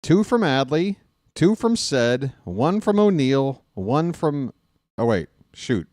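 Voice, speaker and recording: An excitable male play-by-play host who jokes his way through a live game and swings from shouting to mumbling. His delivery is unhurried but his pitch is very lively, and the close mic leaves the sound dry. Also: no room sound. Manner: excitable and jokey, swinging from shouted calls to mutters. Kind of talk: casual live fan commentary.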